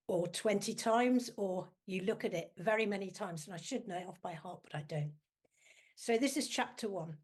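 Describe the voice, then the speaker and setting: A woman's voice: medium pitch, a little mellow. Woman reading her own novel aloud. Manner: chatty, self-deprecating.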